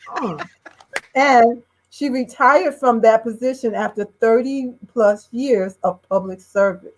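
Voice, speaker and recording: A woman's voice: fairly high pitch, slow, slight background noise, rough recording. A woman from Chicago co-hosting a livestream, reading a guest's bio aloud with casual asides. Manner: reads a guest bio, adds warm asides. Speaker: co-host.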